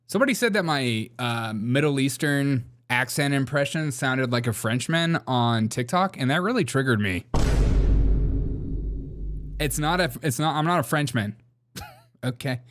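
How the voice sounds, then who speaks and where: A man's voice: mid-range voice, lively intonation, unhurried, long pauses, noisy background. Sarcastic male commentary host. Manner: sarcastic, laughs often while talking. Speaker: political commentary show host. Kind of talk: casual commentary on clips.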